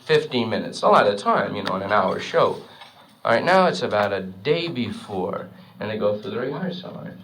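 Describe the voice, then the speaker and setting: A male comedian in his thirties, with a fairly low, slightly bright voice, tells a stand-up story very animatedly and a little fast. He rambles conversationally, saying "you know" a lot, and the old live recording sounds distant and noisy.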